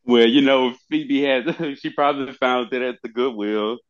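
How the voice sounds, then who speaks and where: A man's voice: mid-range voice, moderate pace. A man co-hosting a podcast in casual chat, laid-back, with chuckling asides. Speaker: podcast co-host. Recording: dull lo-fi sound.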